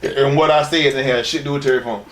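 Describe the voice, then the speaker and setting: A man's voice: medium pitch, steady tone, fast, echoey room, a little hiss or hum. A man telling crude, rambling stories as an interview guest, often laughing as he talks. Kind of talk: profane shoot-interview storytelling.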